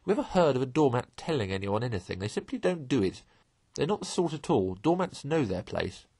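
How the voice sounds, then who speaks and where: A man reading a storybook aloud and voicing a small, fussy male mole who talks in a plaintive, petulant way with a husky voice. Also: medium pitch, big pitch swings, normal speed, darkish tone, pitched above the performer's own voice.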